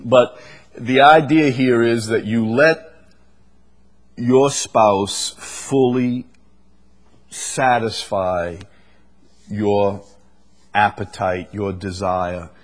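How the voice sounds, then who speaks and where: Male preacher, husky, unhurried sermon delivery, leans hard on key words. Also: fairly low pitch. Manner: slow, drawn-out delivery with bursts of emphasis. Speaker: pastor.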